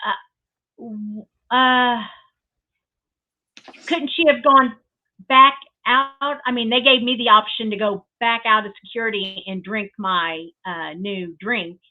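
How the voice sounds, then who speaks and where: A woman's voice: a little high, steady tone, slow pace. A woman hosting a craft livestream, chatting with her guest and chiming in with encouraging remarks. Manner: encouraging, with friendly interjections. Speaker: livestream host. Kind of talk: casual chat with a guest. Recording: tinny phone-like audio.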